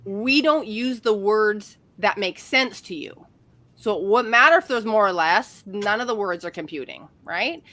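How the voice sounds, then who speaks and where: A woman's voice: medium pitch, animated, a little slow, bright, forceful tone. A woman relationship coach talking candidly and animatedly in a casual podcast conversation, laughing often.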